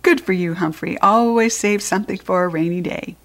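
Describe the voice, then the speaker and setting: A woman's voice: lowish voice, a little fast, vocal fry, a bit bright. A woman voicing a cheerful, joking middle-aged man who cleans a school at night, in a storybook read-aloud. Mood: jovial. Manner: jovial, chatty, teasing.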